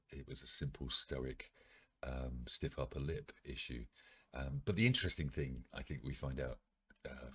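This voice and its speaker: A British man with an extremely deep, husky voice reads an article aloud as a podcast host. He stops often with ums and uhs to drop in dry, ironic asides. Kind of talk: casual reading with asides.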